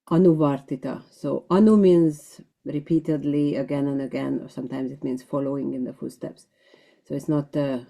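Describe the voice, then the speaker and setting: A woman's voice: sits low, vocal fry, warm tone. A woman leading a scripture class, explaining terms step by step with frequent ums and uhs. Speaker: class teacher.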